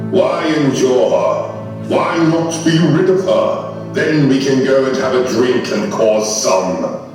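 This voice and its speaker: An actor playing a sly, wicked male companion who goads and tempts in a slow, insinuating way, recorded from afar on an echoey theatre stage. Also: mid-range voice, distant mic, music in the background, natural voice. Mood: goading.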